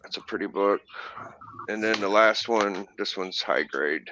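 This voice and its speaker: A man's voice: fairly low pitch, a little slow, bright, forceful tone, a little hiss or hum. A man chatting eagerly on a casual stream while showing off comic books. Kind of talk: casual live stream chat. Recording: dull lo-fi stream audio.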